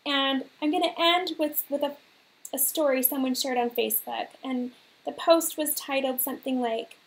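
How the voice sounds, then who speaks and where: A woman with a high, bright-toned voice hosts a faith livestream. She tells her viewers a story in an earnest, animated way and leans on repeated phrases for emphasis. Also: normal speed.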